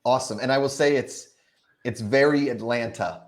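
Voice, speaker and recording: A man's voice: medium pitch, normal speed. Upbeat man hosting a live stream. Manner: upbeat, hypes viewers, reads chat questions. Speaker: host. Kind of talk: casual live-stream chat.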